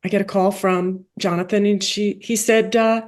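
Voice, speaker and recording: Speaking at a moderate pace, an animated woman tells a story during a podcast interview where she's the guest; she coaches rabbis and writes plays. She acts out quoted dialogue with big jumps in pitch and drops into soft, quiet asides.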